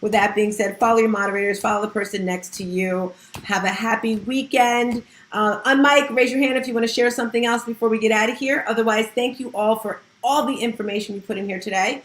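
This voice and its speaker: A woman's voice: fairly high pitch, steady tone, brisk, roomy sound. A woman hosting a casual online audio room, upbeat and chatty, laughing often. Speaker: host.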